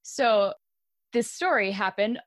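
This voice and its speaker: A woman's voice: medium pitch, takes it slowly, no room sound, studio quality. Laughing Canadian woman telling a story. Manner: laughs often, animated storytelling. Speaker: podcast co-host. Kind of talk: casual chat, storytelling.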